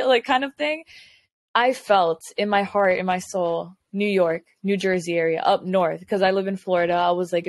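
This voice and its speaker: A woman telling a story in casual podcast chat, acting out both sides of a conversation with lots of "I was like.". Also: mid-range voice. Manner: animated retelling with quoted dialogue, frequent "I was like". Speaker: podcast guest. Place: lives in Florida.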